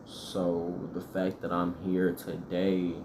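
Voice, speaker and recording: A man's voice: sits low, monotone, slow pace. A man hosting a reaction video, talking in a casual, earnest and motivational way. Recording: echoey room with background noise.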